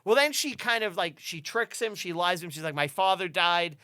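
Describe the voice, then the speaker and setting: A man with a bright, crisp voice retells a film scene by scene in casual podcast chat, slipping into the characters' lines. He sits a little higher than average in pitch, and the recording is close and dry. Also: a little fast, no echo. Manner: animated storyteller, acts out characters' lines. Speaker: podcast co-host.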